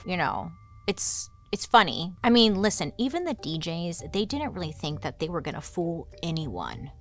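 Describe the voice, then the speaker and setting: A woman's voice: lowish voice, very animated, moderate pace. A woman podcast host telling a true crime story in a chatty, casual way full of "like" fillers.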